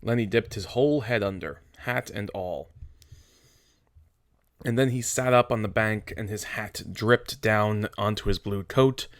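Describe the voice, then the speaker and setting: A male teacher reading a novel aloud to his class in a steady, plain storytelling manner. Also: on the low side, a little slow, no room sound, studio quality.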